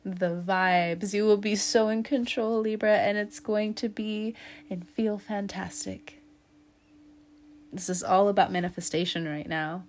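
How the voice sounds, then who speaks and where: A woman's voice: medium pitch, moderate pace. Woman, tarot reader talking to camera, chatty and giggly with a slangy, encouraging delivery, mid-range voice. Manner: chatty, laughs often, calls the listener fam and homie. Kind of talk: casual tarot reading to camera.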